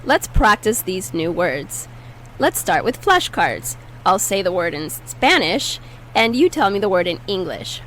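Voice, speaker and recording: Slow, patient woman teaching Spanish. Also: mid-range voice, very animated, a bit bright, a little hiss or hum, low-quality recording. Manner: patient, repeats words slowly for learners. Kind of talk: slow, clear language lesson.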